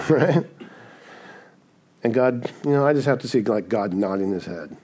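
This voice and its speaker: A man preaching a sermon, animated and conversational, often checking in with "right?" and acting out scenes. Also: medium pitch, measured pace, breathy edge.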